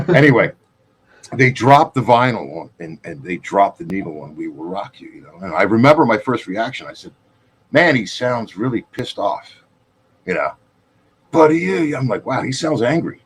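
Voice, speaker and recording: A man's voice: lowish voice, sing-song, normal speed, fairly bright tone, husky. A man in his fifties, a guitarist co-hosting a podcast, telling loose, profane, rambling stories in casual chat. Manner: loose, profane, rambling anecdotes with acted-out quotes.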